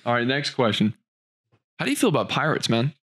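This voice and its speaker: Brief: young male podcast host, relaxed, reactive, mid-range voice. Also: mid-range voice, breathy edge. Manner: easygoing and reactive, quick to laugh and curse. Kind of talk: casual chat.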